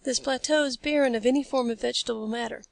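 Carruthers, a calm male scientist, read by a woman. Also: a little high, creaky, no room sound. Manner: measured, explanatory.

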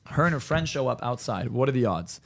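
A man, a hypnotherapist on a podcast, telling stories in a rapid, animated and profane way. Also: mid-range voice, gravelly. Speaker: hypnotherapist guest. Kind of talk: casual podcast chat.

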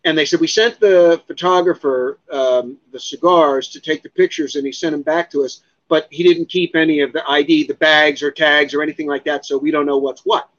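A man tells a long story as an interview guest, acting out the lines of the people in it and swearing freely. His voice sits a little high. The recording sounds dull and lo-fi. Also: brisk, few pauses. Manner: animated, profane, acts out other people's lines. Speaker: guest, cigar expert.

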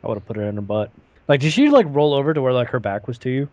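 A man's voice: medium pitch, big pitch swings, fast talker, warm tone, no room sound. A man bantering crudely on a podcast, throwing in blunt vulgar quips. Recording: dull, lo-fi podcast audio.

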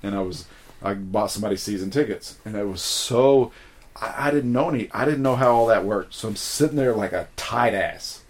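A man in casual chat, telling lively stories and acting out what others said, with some swearing. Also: on the low side, fairly quick. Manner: animated storyteller, swears, acts out quotes.

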